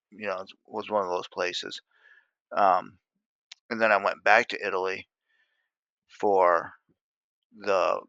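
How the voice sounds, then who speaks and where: Gravelly, low-voiced veteran man. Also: dry recording. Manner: animated, profane, laughs often. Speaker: guest, Army veteran. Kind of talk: casual storytelling in an interview. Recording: dry, dull lo-fi sound.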